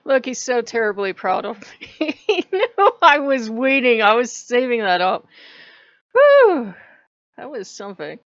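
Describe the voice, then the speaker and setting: A woman vlogging from home in casual chat, animated and prone to laughing as she tells a story. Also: fairly high pitch, a little slow, no room sound, muffled recording.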